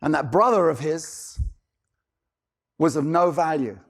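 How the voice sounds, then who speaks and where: A man preaching a sermon, animated, firing off rhetorical questions and acting out characters. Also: on the high side, measured pace.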